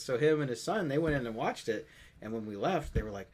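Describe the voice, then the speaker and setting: A man co-hosting a podcast, telling animated stories in casual chat and swearing casually. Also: medium pitch, quick pace. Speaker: podcast co-host.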